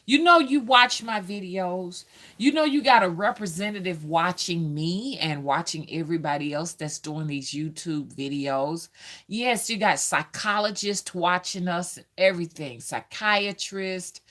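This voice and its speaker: A Southern US woman hosting a casual live stream, her voice sitting on the lower side. She talks at an unhurried pace, greets her viewers by name and often stops to fill a pause with "um". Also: a bit bright. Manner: chatty, greets viewers by name, frequent ums. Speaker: livestream host.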